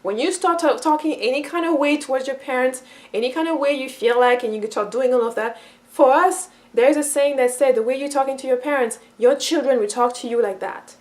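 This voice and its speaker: A high-pitched woman talks through a relaxed explanatory monologue as a cultural teacher. She circles back on her words, restarting phrases as she thinks. She brings quoted speakers to life with animated shifts in her voice. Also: fairly quick. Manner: repeats and restarts phrases while thinking aloud.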